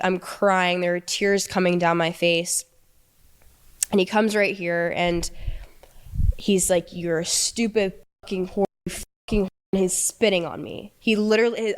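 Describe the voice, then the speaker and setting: Young female guest, lowish smooth voice, halting delivery full of fillers. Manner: hesitant, halting, many fillers. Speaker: interview guest. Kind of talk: personal storytelling.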